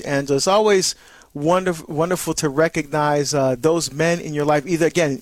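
A man with a strikingly high voice hosts a call-in radio show. He affirms each caller, thanks them at length and invites listeners to phone in. His voice comes through dry and close to the mic. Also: no room sound.

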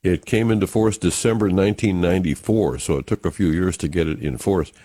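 A man's voice: deep voice, brisk, mellow, no echo. A man hosting a casual morning radio show with easygoing banter, chuckling as he reads the day's items. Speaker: radio host.

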